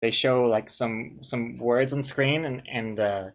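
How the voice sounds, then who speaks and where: A man's voice: medium pitch, steady tone, slow. A man, a webcomic artist, chatting casually on a live stream, reading chat aloud with dry, joking banter and rambling restarts.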